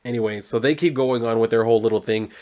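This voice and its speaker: A man's voice: mid-range voice, fast talker, darkish tone. A man casually recapping a comic book story, rambling loosely with lots of fillers and some mild swearing.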